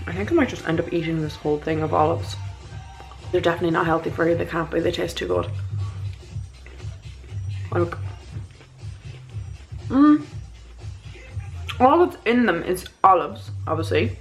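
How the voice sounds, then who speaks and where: A woman's voice: fairly low pitch, a bit bright. Chatty woman vlogging at home. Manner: chatty and rambling, slipping into whispered asides. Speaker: beauty vlogger. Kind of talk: casual vlog chat. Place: spare room at home.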